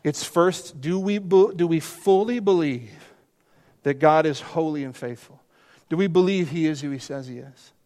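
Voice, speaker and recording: Brief: male pastor mid-sermon, high-pitched, insistent repetition, long hall reverb. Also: normal speed, a little mellow. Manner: emphatic, repeats phrases, rhetorical questions.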